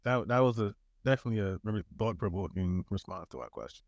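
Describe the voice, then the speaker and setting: Low-voiced man. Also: sing-song, fast talker, dry recording, clean studio sound. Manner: laid-back, joking, restarts his words. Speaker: podcast co-host. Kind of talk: casual chat.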